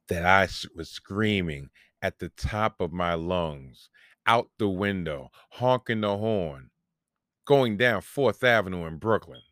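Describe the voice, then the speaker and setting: A man's voice: low-pitched, animated, slow, fairly bright tone, no room sound, studio quality. Rambling forties man. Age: 40s. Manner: rambling, profane, self-mocking storyteller. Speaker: podcast host. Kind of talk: casual solo podcast storytelling.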